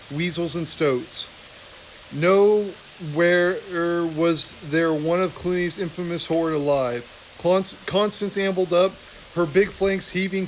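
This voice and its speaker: A man's voice: high-pitched, a little hiss or hum, rough recording. A man reading a novel aloud in an unpolished way, often restarting and correcting himself. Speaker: reader.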